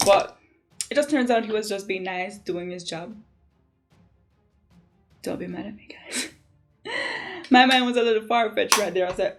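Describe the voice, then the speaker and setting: A young woman from Jamaica with a Jamaican accent, chatting casually to camera in an animated way and laughing often. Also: a little high, measured pace, long pauses, faint music behind. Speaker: vlogger.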